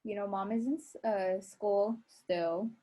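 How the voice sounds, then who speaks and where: Husky, mellow-voiced young woman. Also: mid-range voice, fairly even intonation. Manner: chatty, quick reactions, laughs along. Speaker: podcast guest, host's niece. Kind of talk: casual family chat.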